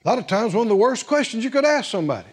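A male preacher delivering a sermon in an animated way, chuckling often and stretching words for emphasis. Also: high-pitched, very fast, breathy edge.

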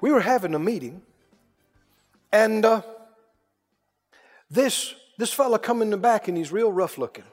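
A male preacher with a high, light voice tells his story slowly, in a plain folksy way, and then builds to fervent preaching. His words ring out with the long reverb of a big hall. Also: expressive, darkish tone, soft background music. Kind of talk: sermon with storytelling.

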